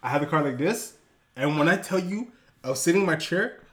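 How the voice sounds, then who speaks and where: A man's voice: fairly high pitch, expressive, fairly quick. A young man hosting a podcast, telling a story in casual, slangy talk. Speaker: podcast host.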